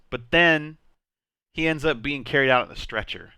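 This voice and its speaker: A man's voice: mid-range voice, normal speed, sharp tone, smooth, dry recording, studio quality. A man hosting a casual game stream, playful and rambling, laughing often between his words. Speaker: streamer host.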